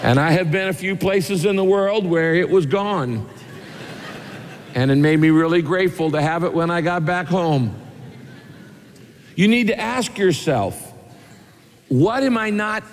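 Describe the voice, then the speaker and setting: A man's voice: a little high, long reverb tail, a little hiss or hum. A man preaching a sermon, telling homey stories and asking rhetorical questions. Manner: folksy storytelling with rhetorical questions. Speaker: pastor.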